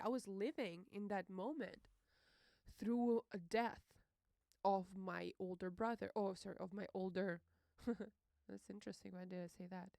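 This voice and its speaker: A young woman hosting a podcast, telling a personal story in an emotional, halting way, with many fillers and curses. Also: mid-range voice, steady tone, vocal fry, dark tone, no echo, studio quality. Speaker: podcast host.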